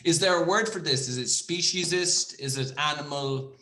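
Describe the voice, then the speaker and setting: Male co-host, joking, swears freely, bright edge, echoey room. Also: on the high side, moderate pace. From Ireland. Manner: joking, swears freely, slips into silly voices. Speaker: podcast co-host. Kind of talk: casual chat.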